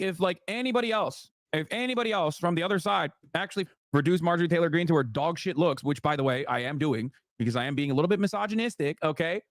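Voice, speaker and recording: A man's voice: a little high, no echo. A man hosting a live reaction stream, ranting in profane, heated commentary. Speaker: livestream host.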